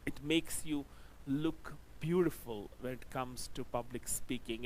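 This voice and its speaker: A man teaching a grammar lesson, stressing each example sentence slowly and now and then slipping into Hindi. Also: mid-range voice, a little hiss or hum, poor audio. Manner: slow, emphatic delivery with drawn-out example sentences; code-switches into Hindi to explain. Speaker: English teacher.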